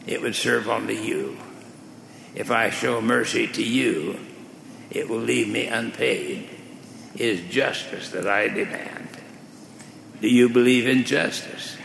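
A preacher with a gravelly voice playing a stern male creditor who insists on justice, in an echoey hall. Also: mid-range voice, takes it slowly, pauses often, fairly bright tone, a little hiss or hum, heavily acted. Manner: cold, insistent, legalistic.

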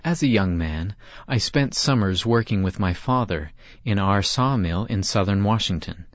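A man reading a story aloud in scripted narration, with a measured, reflective delivery. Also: on the low side, no room sound. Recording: dull lo-fi dry recording.

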